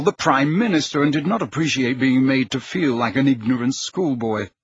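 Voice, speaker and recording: Husky male audiobook narrator. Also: mid-range voice, dull audio. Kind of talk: scripted narration.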